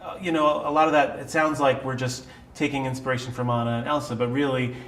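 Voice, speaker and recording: A man's voice: mid-range voice, level tone, fast talker, fairly bright tone. A man, a songwriter, answering interview questions thoughtfully with many fillers. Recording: echoey and distant.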